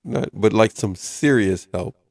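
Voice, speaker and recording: A man hosts a casual radio talk show, reading items aloud in a chatty way and chuckling often. His lowish voice is a little slow, with vocal fry and a darkish tone, recorded dry with clean studio sound.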